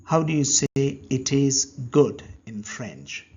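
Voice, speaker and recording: Very slow, patient male language teacher. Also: medium pitch, very animated, darkish tone, breathy edge. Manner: very slow, patient, pausing for learner answers. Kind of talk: slow step-by-step language lesson. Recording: dull lo-fi recording.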